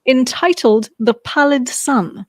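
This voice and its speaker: A woman co-hosting a casual podcast chat, chatty with quick asides and casual swearing. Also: high voice, dry recording, studio quality. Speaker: podcast co-host.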